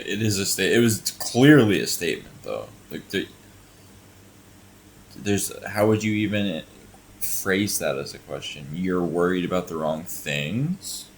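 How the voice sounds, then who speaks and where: A man's voice: on the low side, slight background noise. A man hosting a reaction video, exasperated and sarcastic, swearing often and sounding tired. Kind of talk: reacting to a clip with commentary.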